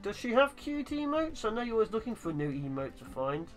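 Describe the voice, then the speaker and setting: A male streamer in casual gaming chat, ribbing his friends with dry sarcasm. His pitch swings widely as he talks, with faint game music underneath. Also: sing-song, fast. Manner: teasing, sarcastic.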